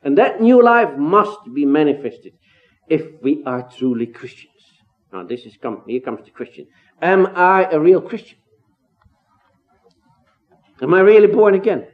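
A man delivers an earnest expository sermon, his somewhat high voice pushing up into emphatic exclamations and rhetorical questions. The recording is thin and tinny, as if heard over a phone line. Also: big pitch swings, unhurried, pauses often. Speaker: preacher.

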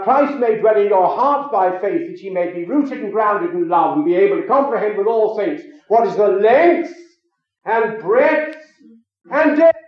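A man with a high voice preaches a sermon, moving from storytelling into emphatic, rising declarations. The recording is muffled and lo-fi, in a very echoey room. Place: a room with an audience.

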